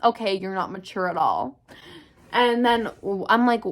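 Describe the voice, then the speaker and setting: At a measured pace and in a mid-range voice, a young woman vlogger tells an openly personal story in a laid-back storytime vlog. She curses often and brings the retelling to life by acting out people's words.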